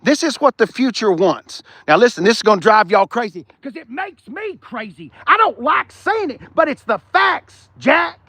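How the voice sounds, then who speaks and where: Profane ranting man, animated. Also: very high-pitched, normal speed, few pauses, no echo. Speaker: car reviewer host. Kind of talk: casual walk-around car review.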